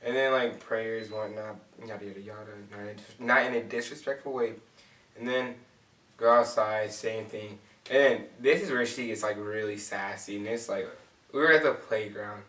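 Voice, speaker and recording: A young man co-hosting a couple's channel, telling their story in a joking, mock-dramatic way, often trailing off softly. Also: lowish voice, fairly even intonation, moderate pace. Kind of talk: casual storytelling chat. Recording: echoey room, far from mic.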